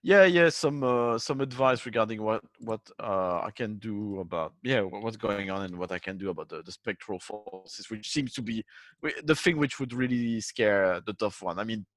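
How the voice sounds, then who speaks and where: A man's voice: on the low side, normal speed, fairly bright tone, dry recording. A man playing a tabletop game who talks hesitantly, with many restarts and fillers. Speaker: player.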